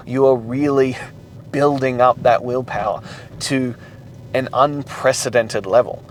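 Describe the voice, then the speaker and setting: A man's voice: medium pitch, a little slow, poor audio. A man hosting a motivational podcast, talking intensely and emphatically with frequent swearing, with a faint background hum. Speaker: podcast host. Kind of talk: motivational monologue.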